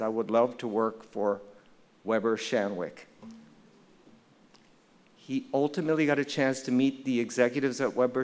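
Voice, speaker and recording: Older man telling a lively stage story. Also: medium pitch. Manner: acts out quoted dialogue in an animated, humorous way. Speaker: award presenter. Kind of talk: storytelling speech. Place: event stage before an audience.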